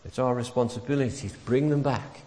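A man preaching a sermon, telling a story with lively emphasis and acting out the quoted lines. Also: medium pitch, a little fast. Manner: animated storytelling, acts out quotes, chuckles warmly. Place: church. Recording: church hall with long reverb.

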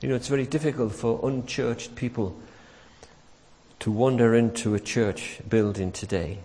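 A man delivers a sermon in a church, his voice sitting at an ordinary middle pitch. He tells the story with animated emphasis and acts out the quotes. A long reverb from the hall trails after his words. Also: moderate pace. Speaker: preacher.

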